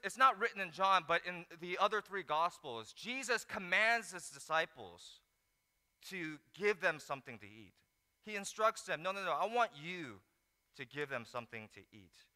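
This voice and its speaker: Man, pastor, sermon, bright forceful voice, smooth, echoing hall. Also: high-pitched. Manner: animated storytelling, acts out disciples in mock voices. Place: large hall. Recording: echoey hall.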